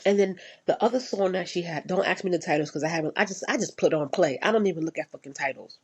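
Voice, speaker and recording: Blunt, profane woman venting, husky. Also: fairly low pitch, fast. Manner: blunt and profane, repeats herself for emphasis. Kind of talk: casual rant.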